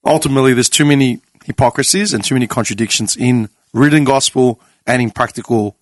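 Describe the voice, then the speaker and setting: A young man of Greek family hosting a casual podcast chat, animated and swearing freely as he retells conversations. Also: medium pitch, quick pace, no echo. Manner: animated storyteller, swears freely, quotes others. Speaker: podcast host.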